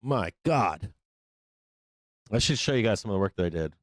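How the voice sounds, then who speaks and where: A deep-voiced man hosting a live market stream, talking off the cuff with plenty of swearing and "like" and "uh." His voice sits close and dry, with no room sound around it. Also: animated, moderate pace, dry recording. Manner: loose, profane, rambling with fillers. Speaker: trading show host.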